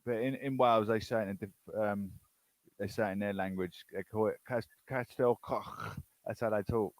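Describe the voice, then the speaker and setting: A man's voice: fairly low pitch, steady tone, fairly quick, dry recording, poor audio. Brief: British male host, rambling and unsure, casual chat, dry close sound. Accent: British English. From United Kingdom.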